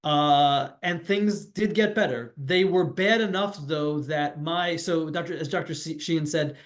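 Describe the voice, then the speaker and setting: A man's voice: fairly high pitch, unhurried, hardly any pauses. A middle-aged man on a video call, telling his own story candidly and reflectively, often restarting his sentences. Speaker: pediatrician and webinar panelist. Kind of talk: personal account on a professional webinar.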